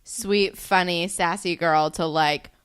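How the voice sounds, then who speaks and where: A woman's voice: fairly low pitch, steady tone, takes it slowly, fairly bright tone, clear, resonant tone. A woman with a New Jersey accent co-hosting a podcast, chatting casually and acting out characters' lines. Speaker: podcast co-host. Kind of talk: casual chat recapping a TV episode.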